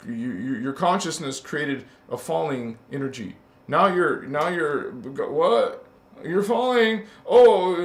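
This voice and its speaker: Male spiritual host with a high voice and a slow, hesitant, scolding delivery, recorded in a reverberant room. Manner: preachy and scolding, with sudden loud chanted words; hesitant, many fillers and restarts. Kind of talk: confrontational spiritual monologue. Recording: echoey room.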